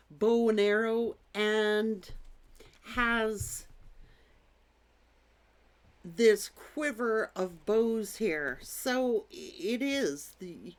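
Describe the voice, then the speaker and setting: A woman doing a tarot reading, slowly reading out oracle cards, her voice a little worn as she is losing it. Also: medium pitch. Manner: slow, gentle, pauses to read card texts. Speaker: tarot reader.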